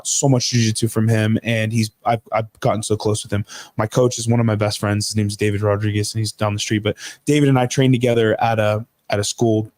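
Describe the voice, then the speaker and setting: An earnest man in his thirties tells his story on a podcast at a middle pitch. He talks casually, restarts his sentences and says "dude" now and then. The sound is dry and close. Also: a little mellow, no room sound. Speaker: podcast guest, jiu-jitsu coach.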